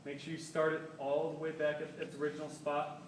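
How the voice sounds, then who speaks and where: In a school workshop, a young shop safety instructor walks around a band saw, casually demonstrating how to use it safely. His fairly high voice is fairly quick and completely flat, and he informally repeats "basically" and "rule of thumb". The distant camera microphone gives roomy audio with slight background noise.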